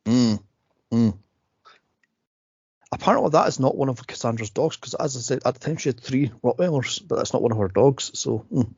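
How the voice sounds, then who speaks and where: A man's voice: mid-range voice, animated, moderate pace, creaky, darkish tone, breathy edge, no room sound, highs cut off. A man hosting a casual movie podcast, rambling and laughing often as he acts out scenes. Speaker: podcast host.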